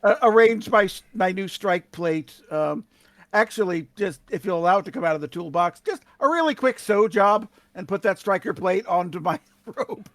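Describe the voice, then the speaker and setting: A man casually thinking aloud as a tabletop player, hesitant and full of ums. His voice is high for a man, and it sounds dry and close-miked. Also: expressive, moderate pace, a bit bright, no room sound.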